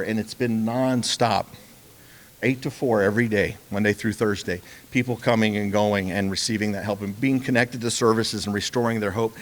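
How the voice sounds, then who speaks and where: A man, a ministry's partnership director, giving a folksy, storytelling speech at a charity event, with many restarts. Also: medium pitch.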